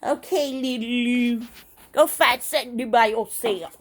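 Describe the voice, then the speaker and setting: A woman vlogger chatting playfully to her pets and toys, calling each by name in simple, gentle sentences. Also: on the high side, normal speed, background noise.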